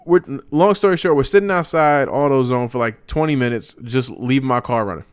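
A man's voice: mid-range voice, a little fast, clear, resonant tone, dry recording. A young man telling a long, profane, joking story in a casual chat. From Hispanic family, father speaks Spanish. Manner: animated, profane, jokey storytelling.

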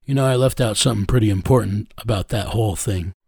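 A man who is a guest in an interview, telling a personal story in an earnest, plain-spoken way and slowing down on emotional moments. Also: lowish voice, creaky, mellow, husky, dry recording, clean studio sound.

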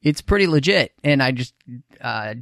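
A man's voice: medium pitch, expressive, normal speed, vocal fry, fairly bright tone, dry recording, clean studio sound. A man co-hosting a podcast in casual chat, recapping with enthusiasm. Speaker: podcast co-host.

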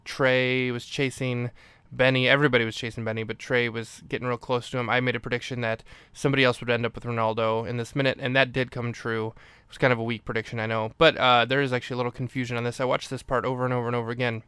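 A man's voice: medium pitch, flat delivery, fast, a bit bright, smooth, dry recording. A man hosting a podcast, recapping a movie in a casual, rambling way, often correcting himself. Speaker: podcast host.

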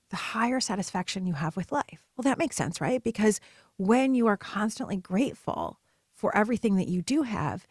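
A woman's voice: medium pitch, darkish tone, no echo, clean studio sound. A woman in her thirties hosting a podcast, talking in an enthusiastic, chatty motivational way with many asides. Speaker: podcast host. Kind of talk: casual motivational monologue.

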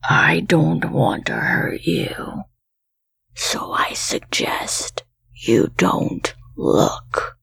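A woman whispering as a deep spirit under the bed. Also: lively intonation, drawn-out words, creaky, slightly rough, no echo, studio quality, full character voice. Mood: hushed warning. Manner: low hushed whisper.

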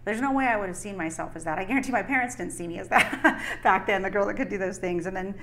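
A woman's voice: mid-range voice, quick pace, fairly bright tone. A middle-aged woman, a podcast guest, speaking earnestly and reflectively in a motivational way. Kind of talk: interview.

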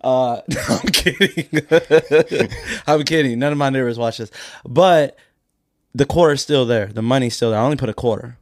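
A man's voice: medium pitch, moderate pace, dry recording, studio quality. A man co-hosting a casual podcast, cracking crude jokes and laughing a lot. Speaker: podcast co-host. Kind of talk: casual comedic banter.

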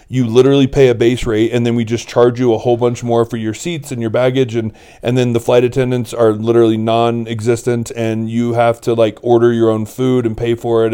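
Mellow-voiced casual male podcast co-host. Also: mid-range voice, clean tone. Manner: rambling and candid, with mild swearing. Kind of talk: casual chat.

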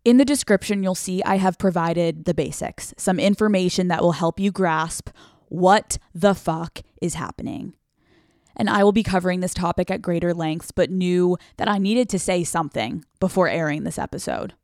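A woman's voice: fairly low pitch, normal speed, darkish tone, no echo, clean studio sound. A woman hosting a solo podcast, talking bluntly and with emphasis and swearing casually. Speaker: podcast host.

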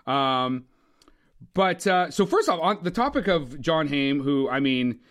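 Animated, profane man reviewing movies. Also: on the high side, a little slow. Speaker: podcast co-host. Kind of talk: casual movie review chat.

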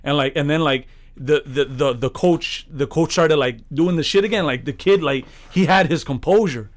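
A man's voice: a little high, normal speed. A man co-hosting a podcast, telling a story in rambling casual chat with many restarts. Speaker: podcast co-host.

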